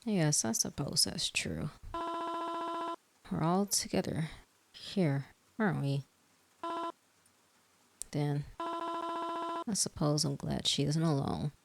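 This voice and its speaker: A woman voicing a grieving middle-aged mother in a game, soft, polite and mournful. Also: low-pitched, very animated, takes it slowly, vocal fry, long pauses, noisy background, exaggerated voice. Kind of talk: reading game dialogue aloud.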